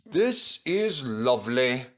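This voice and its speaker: A man's voice: high voice, sing-song, slow, pitched above the performer's own voice, heavily acted. A man voicing an old male engine who is proud and stands for no nonsense, speaking firmly. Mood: weary. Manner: firm, scolding.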